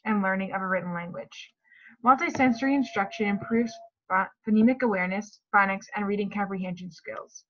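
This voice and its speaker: A woman's voice: medium pitch, a bit bright, dull audio. A woman explaining a speech therapy lesson plan, reading from a script with small slips and fillers. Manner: reads a prepared script with restarts and fillers.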